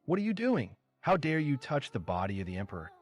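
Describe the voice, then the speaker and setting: A man's voice: lowish voice, expressive, quick pace. A man voicing a foolish, petulant young emperor who talks in a whiny, indignant way.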